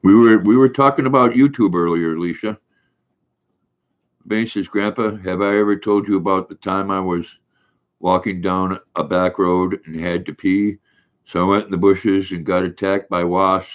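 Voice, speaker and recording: A man's voice: sits low, steady tone, moderate pace. An older man hosting a casual live stream from home, rambling and chuckling as he reads viewer comments aloud. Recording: dull lo-fi sound.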